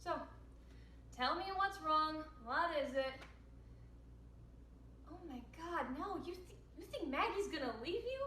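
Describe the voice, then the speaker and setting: A woman's voice: very high voice, animated, unhurried, long pauses, sharp tone, slight background noise, exaggerated voice. A young woman performing a stage monologue as a caring, chatty sister with wry asides. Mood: tender. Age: late teens. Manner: wry, self-mocking asides. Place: home room over video. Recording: echoey room, distant mic.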